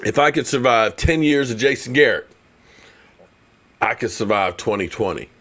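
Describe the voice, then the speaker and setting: A man in his fifties hosting a casual sports talk live stream, ranting in a mocking, animated way and laughing often. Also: mid-range voice, moderate pace.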